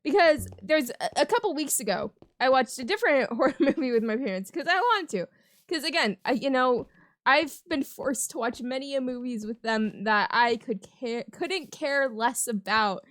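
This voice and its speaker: A high-pitched young woman hosting her own gaming channel. She tells a story in a rambling, chatty way and keeps breaking into giggles. Her speech is loose, with frequent restarts. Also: lively intonation, moderate pace, a bit bright, dry recording, studio quality. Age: young adult. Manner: giggly, laughs often mid-sentence. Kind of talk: casual storytelling over gameplay commentary.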